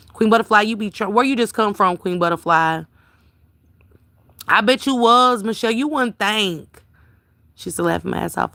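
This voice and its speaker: Bright, chatty woman reading viewer comments. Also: lowish voice, vocal fry, no echo. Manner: chatty, reads comments aloud and answers viewers by name. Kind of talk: casual livestream chat.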